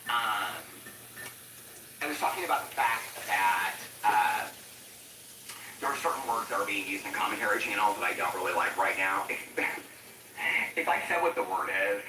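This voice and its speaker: A man's voice: on the low side, animated, moderate pace, pauses often, noisy background. Chatty man rambling in an echoey kitchen. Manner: chatty, laughing often, goes off on tangents. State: tired. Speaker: commentary YouTuber. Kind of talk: rambling casual vlog chat while cooking. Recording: roomy echo, mic at a distance.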